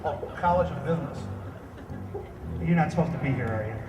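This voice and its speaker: A man's voice: fairly high pitch, fairly quick, highs cut off. A man performing live musical comedy, jokingly coaxing the audience to sing along. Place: campus performance room with audience. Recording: echoey live room, mic from a distance, music and crowd.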